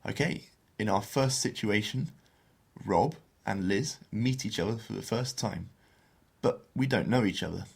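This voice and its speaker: Low gravelly man teaching Spanish. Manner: slows down to model pronunciation. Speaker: podcast co-host teaching Spanish. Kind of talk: explaining and modeling phrases for learners.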